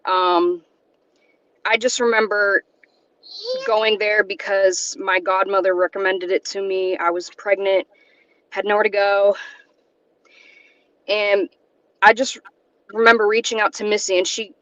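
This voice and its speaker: A woman from South Carolina tells her story over a call from inside her car. She speaks haltingly, shaky and close to tears, with nervous laughs breaking in. Her voice comes through dull and lo-fi. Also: mid-range voice, little pitch movement, a bit bright, no room sound. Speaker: guest. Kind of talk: emotional personal testimony.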